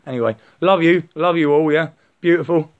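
A man rambling in a spiritual monologue, stammering and repeating words, sometimes breaking into slow chanted nonsense syllables. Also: a little high. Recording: slightly dull lo-fi recording.

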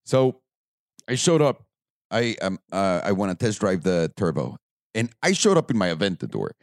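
A man hosting a podcast, telling stories in a lively, swearing, animated way and acting out the people in them. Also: low voice, normal speed, no echo, studio quality. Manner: animated storytelling, swears freely, acts out quoted voices. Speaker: podcast host. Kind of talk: casual podcast chat.

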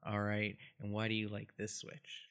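A man co-hosting a podcast in casual chat, playful and quick to laugh. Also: fairly low pitch, monotone, vocal fry, a bit bright, smooth. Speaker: podcast co-host.

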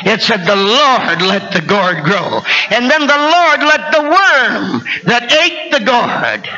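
Male preacher, very high and piercing voice, calls out to the congregation and builds to shouted peaks; muffled lo-fi recording with faint noise. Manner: swings from low asides to high shouted climaxes. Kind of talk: fiery sermon.

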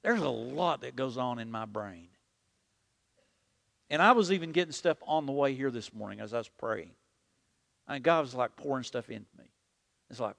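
In a creaky mid-range voice at moderate pace, a pastor preaches with frequent pauses. The sermon is animated, the congregation repeats a prayer after him, and the church sanctuary gives it a long hall reverb.

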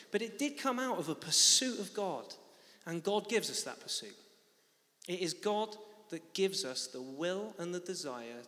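A young man with a bright, lively voice preaches, acting out his own story with big swings of pitch. The sound has a long reverb, as if he were recorded in a church hall. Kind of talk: sermon with a personal story.

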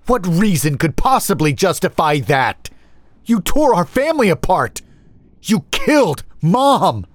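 A man playing a furious, shouting younger brother. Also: animated, drawn-out words, dry recording, exaggerated voice. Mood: enraged. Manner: shouting in rage, voice breaking high.

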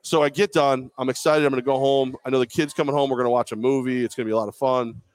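A man's voice: mid-range voice, steady tone, very fast, clean tone, dry recording. A man co-hosting a live podcast, telling a long self-deprecating story in casual chat. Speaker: podcast co-host. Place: bar or venue, live show.

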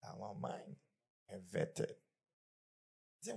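A man's voice: mid-range voice, lively intonation, unhurried, creaky, a little mellow. A man preaching a conversational sermon as pastor, often acting out the people he quotes.

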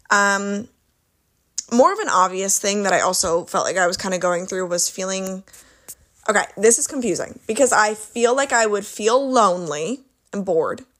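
A young woman talks into her podcast mic in a loose, candid ramble. She keeps saying "like" and stops to correct herself, and her voice sits at an ordinary middle pitch. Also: a bit bright. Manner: chatty, candid, self-interrupting with filler "like". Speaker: podcast host. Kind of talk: casual solo podcast.

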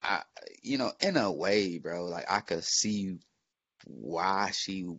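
A man with a very deep, gravelly voice tells a story in loose podcast chat. He swears and restarts often, and the recording sounds a little muffled. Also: slow pace, no room sound. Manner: animated, profane, many fillers and restarts.

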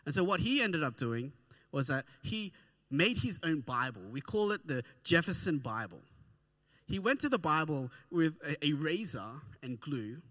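A man preaching a sermon to a congregation in an animated way, often checking in with "right?". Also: on the high side. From Australia. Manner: animated, keeps asking "right?". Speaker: pastor.

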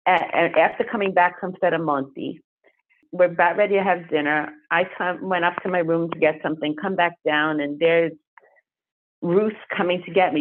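A woman who is a podcast guest, telling a story in an animated, emphatic way. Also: lowish voice, normal speed, slight background noise. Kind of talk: storytelling interview. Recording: phone-like narrow sound.

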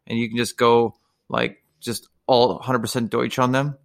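A man's voice: mid-range voice, steady tone, moderate pace, gravelly. A man, hosting a casual chat, rambling and swearing freely as he tells stories. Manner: profane, rambling storyteller.

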